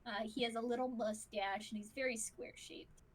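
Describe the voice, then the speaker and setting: A woman's voice: a little high, fairly even intonation, normal speed. A woman running a tabletop game as game master, chatty and full of fillers, narrating scenes and acting out sounds.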